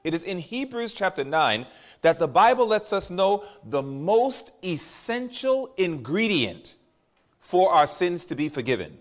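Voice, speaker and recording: A man preaching with a high, lively voice that swoops up and down. He stretches out key phrases for emphasis and calls out to his congregation for responses. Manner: drawn-out stressed phrases for emphasis. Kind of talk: sermon.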